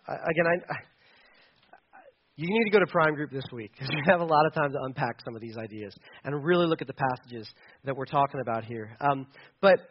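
A man preaching in a loose, conversational way, often stumbling and restarting as he explains. His voice sits fairly high for a man. The sound is dull and lo-fi. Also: slightly rough. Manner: casual, chatty, with many restarts and fillers. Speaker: pastor. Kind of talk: conversational sermon.

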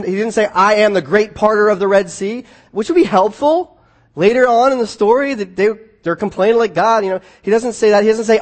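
A man preaching a conversational sermon, often restarting his phrases and swinging between quiet asides and emphatic points. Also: high voice. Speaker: pastor.

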